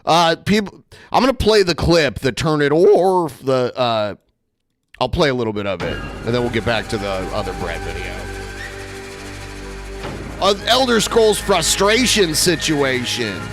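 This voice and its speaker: A man's voice: mid-range voice, very animated, unhurried, over music. A man hosting a reaction podcast, commenting in a mocking, exasperated way. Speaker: host.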